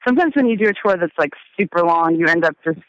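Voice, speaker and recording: This woman musician, a guest in a casual interview chat, talks fast with a lowish voice and lively intonation, meandering hesitantly and often trailing off mid-thought. The audio is dry and lo-fi.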